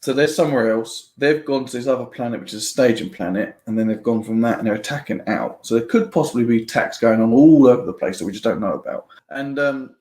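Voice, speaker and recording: A man's voice: medium pitch, quick pace, hardly any pauses, a little mellow. A man giving a casual spoiler review of a book, chatty and rambling, laughing often and restarting his sentences. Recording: roomy echo.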